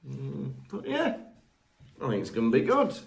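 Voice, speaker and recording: A teasing, wry man chatting on a podcast, his pitch rising and falling with a lot of life. His voice bounces around a roomy, echoey space. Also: huge pitch swings, normal speed, creaky. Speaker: podcast co-host. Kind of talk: casual chat.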